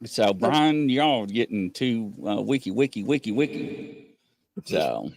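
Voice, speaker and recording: Animated man chatting on a livestream. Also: slow pace, creaky, no room sound. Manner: animated, laughing, acts out quoted exchanges in a higher voice. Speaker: livestream co-host. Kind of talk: casual livestream chat.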